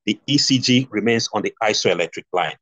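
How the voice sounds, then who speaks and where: A man's voice: lowish voice, brisk, fairly bright tone, no room sound. A man with a Nigerian accent teaching a nursing exam review class, repeating key points and asking rhetorical questions. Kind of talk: online lecture. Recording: dull lo-fi stream audio.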